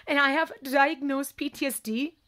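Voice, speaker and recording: A young woman vlogger telling a personal story in a distressed, emphatic monologue, her voice swinging between raised cries and low, quiet passages. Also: fairly even intonation, moderate pace.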